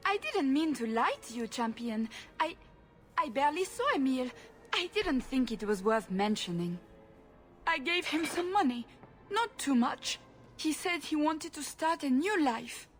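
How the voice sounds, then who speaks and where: High, swooping French countess, theatrical and evasive, game voice. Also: female voice, sing-song, a little slow, faint music behind. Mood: flustered. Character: fussy aristocratic countess, middle-aged woman, flustered. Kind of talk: video game voice acting.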